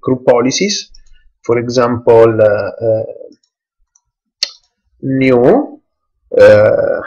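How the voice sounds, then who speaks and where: A man giving a screen-recorded software tutorial in halting English full of hesitations. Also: medium pitch, lively intonation, lo-fi sound. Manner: halting non-native English, many hesitations. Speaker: tech tutorial presenter.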